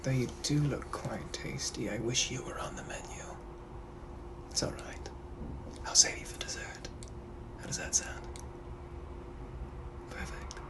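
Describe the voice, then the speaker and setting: Whispering in character, a man portrays a smooth, threatening Victorian-era British gentleman with a British accent, teasing and purring. The medium-pitched delivery is unhurried with long pauses and stays close to his everyday voice.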